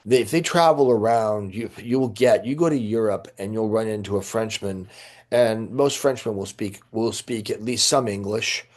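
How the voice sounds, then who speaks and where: A man's voice: lowish voice, normal speed, a little mellow. A middle-aged man, a priest teaching church history, lecturing informally and rambling with many fillers and restarts. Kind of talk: informal lecture answering questions.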